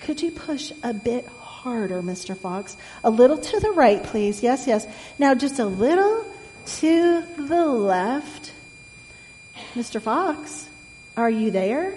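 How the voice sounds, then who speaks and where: Piglet for a storybook: high, sweet-talking little boy pig, slow and wheedling, a woman reading it aloud, echoey room. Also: big pitch swings, darkish tone, a little hiss or hum. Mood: coaxing. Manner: sweet, coaxing, polite. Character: small clever pleading male piglet.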